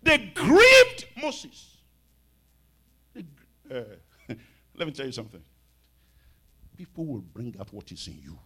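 A man in his fifties preaching a sermon as pastor, animated, with sudden shouts and soft asides. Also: mid-range voice, normal speed, long pauses, slightly rough. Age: 50s.

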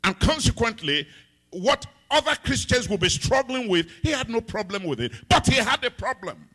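A husky, high-pitched man from Africa delivers a sermon. His voice leaps all over the place, ringing out in sung phrases and then dropping to hushed, low asides. He is a middle-aged pastor in full flow. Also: sing-song, normal speed. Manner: dramatic preaching, swinging between loud sung phrases and hushed low asides.

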